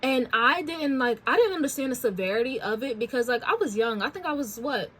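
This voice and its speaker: A woman's voice: high-pitched, expressive, fairly quick, fairly bright tone, slight background noise. A woman in her twenties hosting a talk show, telling a personal story in a chatty, candid way with slangy asides. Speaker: podcast host. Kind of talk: casual storytelling.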